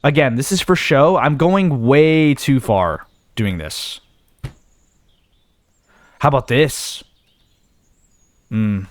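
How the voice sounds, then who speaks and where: A man's voice: mid-range voice, animated, takes it slowly, long pauses, dry recording. Casual man thinking aloud while gaming. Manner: thinks aloud, talks himself in and out of ideas, trails off. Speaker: gaming video host. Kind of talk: casual let's-play commentary.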